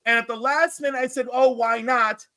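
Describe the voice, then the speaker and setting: A man co-hosting a casual comics chat, full of campy storytelling. His voice is bright and sharp, and he jumps way up in pitch when he acts out what people said. The sound is dry and close. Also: fairly even intonation, normal speed, no echo. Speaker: podcast co-host.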